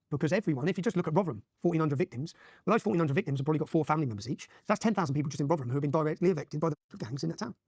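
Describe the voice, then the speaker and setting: A man in his forties with an English accent. As an interview guest he tells his story urgently and emphatically, often checking in with a quick "yeah?". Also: a little high, darkish tone, no room sound, clean studio sound. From England. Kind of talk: impassioned storytelling in a podcast interview.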